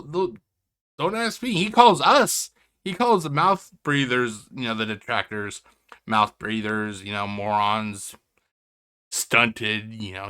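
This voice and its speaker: A man hosts his own reaction stream from home, rambling and sarcastic, cutting himself off mid-sentence. His voice sits fairly high and bright. It swings up and down a lot. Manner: sarcastic, rambling, self-interrupting. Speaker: react channel host. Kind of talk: casual commentary. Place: home, indoors.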